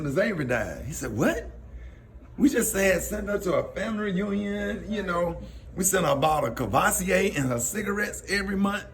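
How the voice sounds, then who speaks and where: Middle-aged Southern comedian, casual and animated, acting out quotes, slightly raised pitch, faint noise behind. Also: male voice. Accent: Southern US, Alabama. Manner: animated, laughs often, acts out quotes. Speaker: comedian telling a story. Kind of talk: casual storytelling.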